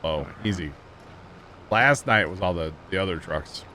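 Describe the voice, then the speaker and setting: Low-voiced man chatting on a game stream. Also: a little slow, heavy background noise. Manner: rambling, laughs at his own stories. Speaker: livestream host. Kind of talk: casual gaming stream chat.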